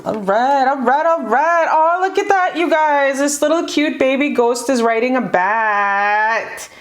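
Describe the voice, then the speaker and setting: A woman's voice: high voice, animated, a little slow, roomy sound. A woman giving a casual pick-a-card tarot reading, gushing and profane.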